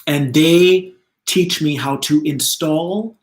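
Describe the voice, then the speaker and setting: A man hosting a live spiritual talk, chatty and animated, laughing often as he speaks. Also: a little high, slow pace, roomy sound. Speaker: spiritual channeler, host.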